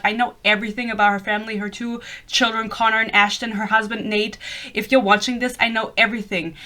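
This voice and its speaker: A woman in her twenties from Germany, speaking English with a light German accent, rambling excitedly in a casual book podcast chat and swearing freely. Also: mid-range voice. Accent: German-influenced English. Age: 20s. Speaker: podcast host.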